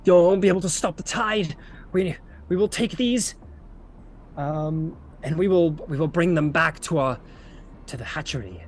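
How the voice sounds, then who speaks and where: A man's voice: on the high side, moderate pace, pitched above the performer's own voice. A man voicing a captured male cultist who stubbornly refuses to talk, then gives way and pleads. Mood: confessing. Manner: stubborn, rising to frantic pleading.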